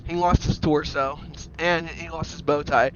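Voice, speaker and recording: A man narrating an improvised toy story in a rambling, excited way, restarting sentences and jumping into silly voices. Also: on the high side, normal speed, highs cut off. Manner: breaks into loud silly character voices. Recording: noisy home recording with clicks.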